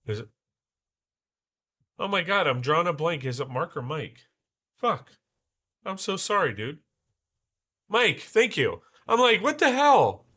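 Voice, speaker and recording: A man's voice: a little high, very animated, a little slow, pauses often, pushed and bright. A man hosting a casual livestream, muttering to himself and swearing as he works. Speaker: livestream host. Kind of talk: casual livestream chat while building.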